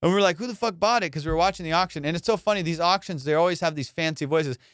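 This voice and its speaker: A man hosting a comedy podcast, ranting in a casual, profane, animated way and slipping into mock voices. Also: a little high, racing, clear, resonant tone, dry recording, clean studio sound. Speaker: podcast host.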